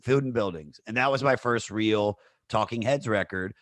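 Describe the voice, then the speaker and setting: A man in his thirties hosting a podcast, telling a crude, animated story full of fillers. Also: on the low side, moderate pace, no room sound. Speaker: podcast host. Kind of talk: casual storytelling chat.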